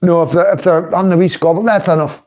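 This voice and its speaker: A man's voice: high voice, level tone, fast talker, a little mellow. Chatty man on a livestream. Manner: chatty, laughing, mocking political commentary. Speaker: livestream host. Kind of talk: casual livestream talk.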